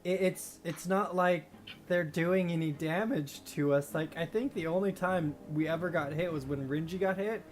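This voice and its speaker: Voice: medium pitch, moderate pace. A player in a tabletop game over voice chat, rambling and restarting sentences. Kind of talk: casual tabletop play.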